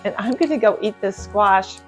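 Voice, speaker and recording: A woman's voice: medium pitch, moderate pace. Brief: woman cooking-channel host, chatty and gushing, faint music underneath. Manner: chatty, enthusiastic, gushing over food. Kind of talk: casual cooking video chat.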